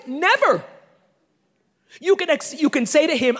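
Animated woman in her sixties preaching. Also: high-pitched, moderate pace. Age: 60s. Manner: animated, with teasing asides and laughter. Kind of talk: sermon. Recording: long hall reverb.

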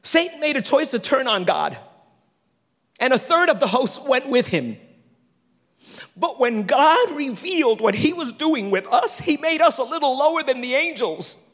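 A man preaching a sermon, animated, swinging between loud and hushed with quick asides. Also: very high-pitched. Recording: long reverb of a large hall.

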